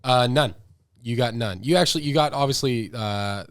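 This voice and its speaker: A man co-hosting a podcast in casual chat, teasing his co-host and quick to laugh. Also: medium pitch, no room sound, studio quality.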